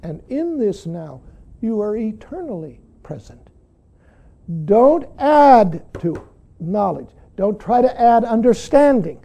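An older man gives a dharma talk as a Zen teacher. His voice sits high yet sounds mellow and warm. He speaks earnestly and keeps coming back to the word "see". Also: big pitch swings, slow, vocal fry. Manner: earnest, frequently says "see".

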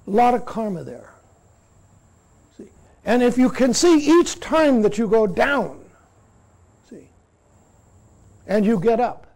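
Gravelly, high-voiced man giving a dharma talk. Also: darkish tone. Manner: halting, peppered with "see?". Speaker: Zen teacher.

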